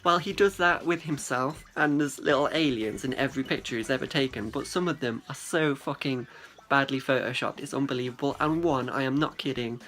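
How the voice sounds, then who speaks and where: This young vlogger's voice is mid-range and a bit bright as he chats casually with a friend. He's profane and talkative, often slipping into impressions of what people said.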